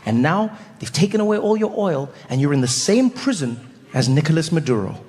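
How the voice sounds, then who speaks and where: A man performing stand-up comedy, telling animated stories full of voice impressions. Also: on the high side, a little fast, noisy background. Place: comedy stage before an audience. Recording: live in a reverberant venue.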